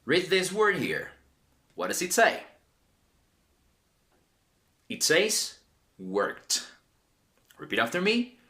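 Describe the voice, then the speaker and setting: Male teacher, slow and deliberate, very lively pitch. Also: vocal fry. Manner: enthusiastic, emphatic, repeats words slowly. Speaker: English teacher. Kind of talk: language lesson.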